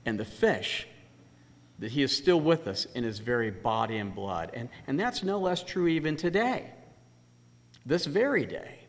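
A man preaching a sermon as pastor, animated and emphatic, slowing down to stress key words. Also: medium pitch, big-room sound.

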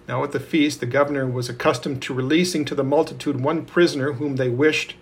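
A man reading scripture aloud in a steady, measured way. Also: mid-range voice, slightly rough. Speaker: scripture reader.

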